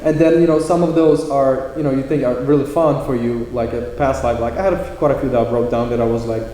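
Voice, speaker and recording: A man's voice: mid-range voice, steady tone, fast talker, mellow, very echoey, long reverb tail, slight background noise, low-quality recording. A man talking in a loose, rambling way about spiritual practice, with lots of fillers. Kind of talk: casual chat.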